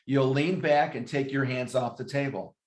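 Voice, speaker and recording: A man's voice: mid-range voice, fairly even intonation, normal speed. Guy running a sales training class, lots of ums and restarts, echoey room. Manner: explanatory, with fillers and self-corrections. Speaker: real estate trainer.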